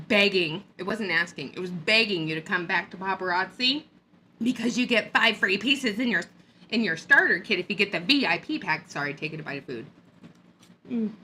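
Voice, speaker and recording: A woman's voice: medium pitch, animated, moderate pace, sharp tone, a little hiss or hum. A woman vlogger giving a sarcastic, mocking rant in a hot upstairs room. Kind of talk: ranting commentary vlog.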